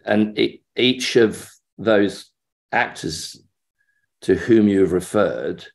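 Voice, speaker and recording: A middle-aged actor interviewed as a guest, telling anecdotes in a lively way and acting out the voices of the people in them. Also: male voice, lowish voice, takes it slowly.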